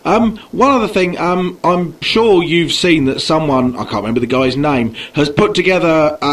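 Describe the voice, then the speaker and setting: A man's voice: mid-range voice, a bit bright, far from the mic. A man hosting a podcast, interviewing a guest in a chatty way. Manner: chatty, laughs easily. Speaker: podcast host.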